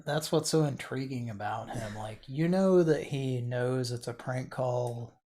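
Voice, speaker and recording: This podcast host has a mellow, unhurried voice of medium pitch. Chatting casually, he wanders from thought to thought, often dropping a sentence and starting it over.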